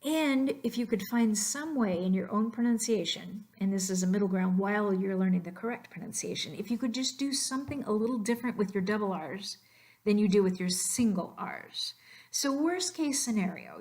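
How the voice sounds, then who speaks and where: A woman's voice: medium pitch, expressive, moderate pace, darkish tone. Woman teaching Spanish pronunciation. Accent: American English. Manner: explains patiently, drills words by repetition. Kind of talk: narrated slideshow lesson.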